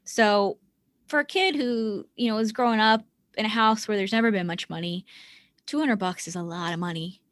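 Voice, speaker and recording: A woman's voice: medium pitch, normal speed, a bit bright, no room sound, studio quality. A woman hosting a true-crime podcast, talking earnestly and with indignation. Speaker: podcast host. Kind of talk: conversational true-crime discussion.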